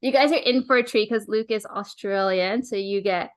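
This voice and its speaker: A woman's voice: mid-range voice, moderate pace. A woman hosting a podcast, chatting enthusiastically and casually with her guest. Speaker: podcast host.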